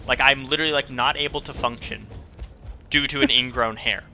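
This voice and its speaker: A man with a very bright, ringing voice tells a long, rambling story over a game session. His talk is chatty and full of fillers. A faint hum sits under his voice. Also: medium pitch, fairly even intonation, a little fast. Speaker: gamer telling a story. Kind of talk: casual chat while gaming.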